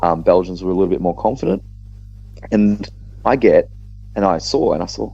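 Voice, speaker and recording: An Australian man tells a gaming story in a casual podcast chat, full of quick restarts. His voice sits very low and mellow. The dry sound of the recording is a little dull and lo-fi. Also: expressive, vocal fry, husky, no echo, soft background music. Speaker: podcast co-host.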